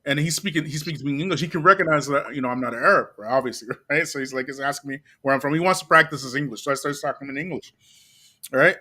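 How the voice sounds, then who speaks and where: Canadian-raised guy hosting, high bright voice, animated storytelling. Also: fast talker. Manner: animated, drops "you get me" asides. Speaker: channel host. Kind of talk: casual commentary and storytelling.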